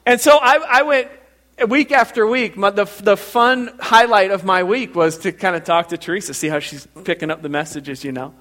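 Preaching in a church at a moderate pace, a male pastor with a high voice tells lively stories, building up through repeated words.

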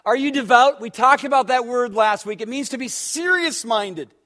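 A man's voice: very high voice, normal speed, bright, forceful tone. A man preaching a sermon as pastor, pressing his listeners with repeated rhetorical questions and acting out a story in quoted dialogue.

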